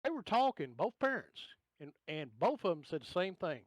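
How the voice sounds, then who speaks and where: A man's voice: high-pitched, big pitch swings, normal speed, no room sound. A man with a Southern US drawl, a podcast guest in casual chat, ranting bluntly and joking along. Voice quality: drawling, gravelly-toned.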